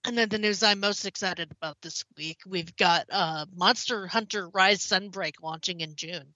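A woman co-hosting a gaming podcast, reading news in casual chat, a little hoarse, with lots of ums. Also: fairly low pitch, moderate pace, bright, forceful tone, dry recording. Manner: chatty, many ums, slightly hoarse. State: slightly hoarse. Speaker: podcast co-host. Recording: slightly dull, dry.

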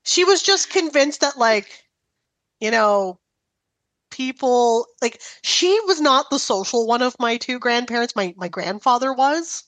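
A woman's voice: on the high side, unhurried, no room sound. Chatty woman telling family stories. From Italian-American family. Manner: animated storytelling. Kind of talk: casual chat.

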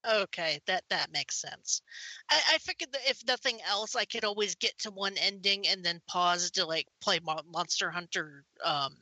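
A woman's voice: fairly low pitch, sharp tone, dry recording, poor audio. A woman co-hosting a podcast in casual chat, eager and talkative, often restarting her sentences. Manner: eager, chatty, quick self-restarts. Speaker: podcast co-host.

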